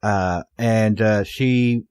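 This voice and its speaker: A man co-hosting a podcast in casual chat, explaining hesitantly with many filler pauses. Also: fairly low pitch, steady tone, a little mellow, clean tone, no echo. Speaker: podcast co-host.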